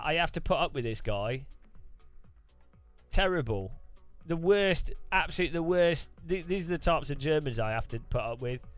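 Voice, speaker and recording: A man rants his way through a casual live stream, his voice bouncing high and low as he mocks people in silly put-on voices. The sound is smooth and dry, recorded close, with faint music playing underneath. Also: dry recording. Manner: animated, ranting, swears, mimics voices for effect. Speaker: streamer host.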